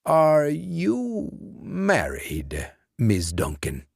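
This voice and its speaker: A man voicing a courteous old grandfather who speaks slowly and formally. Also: on the high side, huge pitch swings, vocal fry, breathy edge, dry recording, clean studio sound, voice pushed up, exaggerated voice. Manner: slow, gracious, formal.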